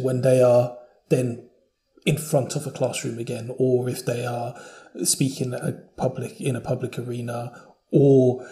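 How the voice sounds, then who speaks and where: A man hosting a podcast interview, asking measured, thoughtful questions and rephrasing as he goes. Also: medium pitch, warm tone. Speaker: podcast host.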